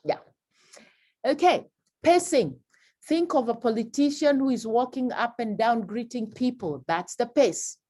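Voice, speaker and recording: A woman teaching presentation skills in a lively workshop, acting out examples with big swings in her voice. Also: a little slow. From Kenya. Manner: animated, acts out examples with big pitch swings.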